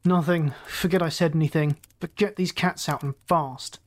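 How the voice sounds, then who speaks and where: A narrator doing a crisp, urgent first mate. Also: medium pitch, fairly even intonation, moderate pace, natural voice. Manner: crisp, commanding. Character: terse, urgent male first mate of a freighter.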